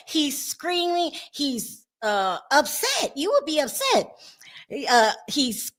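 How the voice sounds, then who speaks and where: A woman with a high voice hosts a casual gossip chat. She talks straight to her viewers, animated and quick to laugh. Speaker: show host.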